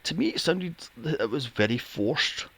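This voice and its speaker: This gravelly-voiced man talks at a moderate pace as a movie podcast co-host, keeping the review chat casual, animated, and sarcastic. He pokes fun at the characters by putting on high, silly voices.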